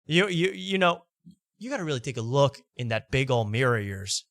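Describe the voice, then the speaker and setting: A man hosting a late-night comedy show, riffing in loud, rambling, jokey rants. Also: medium pitch, sing-song, brisk, creaky, no echo, clean studio sound. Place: studio.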